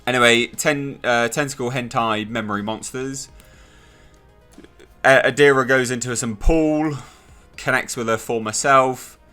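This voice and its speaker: A man giving a casual spoken review, animated and sarcastic. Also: mid-range voice, measured pace, clear, resonant tone, soft background music. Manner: animated and sarcastic, mocking characters in silly voices. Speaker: video reviewer.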